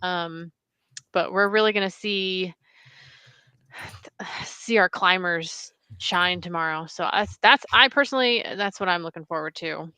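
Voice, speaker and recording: A woman's voice: lowish voice, a little slow, pushed and bright, clear, resonant tone, no echo. A woman co-hosting casual live commentary on an online cycling race, upbeat and enthusiastic with frequent fillers.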